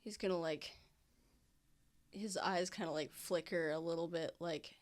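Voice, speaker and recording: A woman's voice: on the low side, a little slow. A woman running a tabletop game, narrating in a loose way full of fillers. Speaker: game master.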